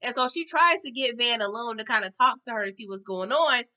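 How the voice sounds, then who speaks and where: A woman's voice: fairly high pitch, lively intonation, fairly quick, pushed and bright. A woman giving a casual TV episode recap, chatty and slangy, talking to her viewers as y'all and tagging her lines with okay. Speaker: TV recap vlogger. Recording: dull lo-fi sound.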